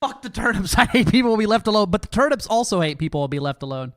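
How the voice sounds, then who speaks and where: An American man chatting on a live game stream, joking with his viewers in loud, profane banter. His voice sits high for a man. The sound is dry and close to the mic. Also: big pitch swings, fast, no echo. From United States. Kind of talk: casual live-stream chat.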